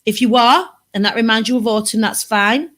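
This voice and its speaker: A chatty woman from Britain hosts a live morning show from her sofa. She talks in a bubbly, rambling way, full of asides, in a slightly high voice. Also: fairly quick, a bit bright. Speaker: livestream host. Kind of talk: casual live chat. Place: home sofa.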